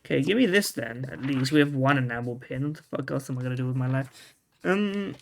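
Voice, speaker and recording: A man's voice: medium pitch, animated, a little fast, creaky, a little hiss or hum. A man giving casual gameplay commentary, rambling and restarting his sentences, with loose slang and the odd swear word. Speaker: video game streamer. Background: faint game music.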